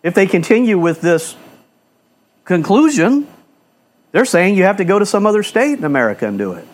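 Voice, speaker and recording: A man's voice: high voice, very animated, a little fast. A male pastor preaching a fiery sermon in a church, firing off rhetorical questions and repeating phrases for emphasis.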